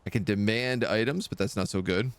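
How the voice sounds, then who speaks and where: A man's voice: on the low side, a little fast, smooth, dry recording. A man streaming a video game, chatting casually and reading the game's text aloud.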